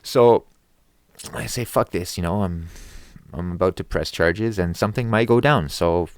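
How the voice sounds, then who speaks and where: A man's voice: low-pitched, normal speed, no room sound, studio quality. A man telling an angry story to camera in a heavily profane, heated rant. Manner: grows loud and agitated. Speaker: vlogger.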